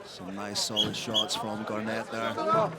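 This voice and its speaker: A man's voice: fairly low pitch, animated, slow pace, very noisy. A man giving live fight commentary, breaking down technique and tactics as the action unfolds. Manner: analytical, explains technique and tactics. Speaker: MMA commentator. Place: open-air arena event. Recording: loud arena crowd behind.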